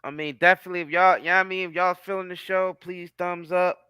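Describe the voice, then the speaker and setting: A male host with a smooth, clear, bright voice and a slightly raised pitch. He talks in a relaxed, slangy way and often says things twice. The sound is close and dry, over a video call. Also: fast, dry recording. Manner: laid-back, slangy, repeats phrases. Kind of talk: casual chat on a live online show.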